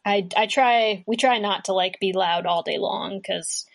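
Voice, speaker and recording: A young adult woman chatting as a guest musician, relaxed and rambling, with lots of fillers and restarts over a remote call setup. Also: medium pitch, measured pace, gravelly. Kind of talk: casual chat.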